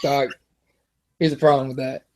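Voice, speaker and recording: A young American man co-hosting a podcast, telling stories in a rambling, profane, animated way with lots of restarts. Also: mid-range voice, normal speed, slight background noise. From United States. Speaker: podcast co-host. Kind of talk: casual chat.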